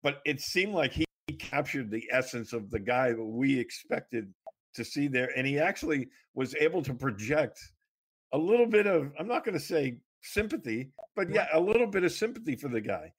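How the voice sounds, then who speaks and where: Male host, casual and halting, mid-range voice. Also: mid-range voice, animated, slightly rough. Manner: halting, lots of fillers and restarts. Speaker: interview host. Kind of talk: casual interview questions.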